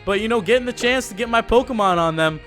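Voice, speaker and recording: A man talks through a video game in a casual, slangy, joking way, full of laid-back asides. His voice sits high and sounds bright. Faint game music runs behind him. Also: fast talker. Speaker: let's play host. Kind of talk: casual gaming commentary.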